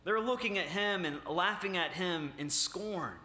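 A man preaching a sermon, halting with many filler sounds and restarts, then rising with emphasis on key points. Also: sits high, sharp tone. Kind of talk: sermon with scripture reading. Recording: echoey room.

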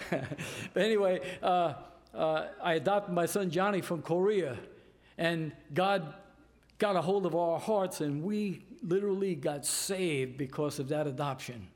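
An older man from New York tells a personal story in a casual, animated way, acting out the voices of the people in it. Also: fairly high pitch, a little slow. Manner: animated, repeats "I said" and acts out voices in his story. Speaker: storyteller giving a testimony.

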